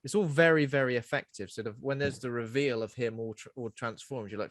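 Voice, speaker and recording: A man's voice: mid-range voice, quick pace, hardly any pauses, a bit bright, no echo. A man co-hosting a film podcast, talking animatedly and comparing the film to the games. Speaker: podcast co-host. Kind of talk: casual film review chat.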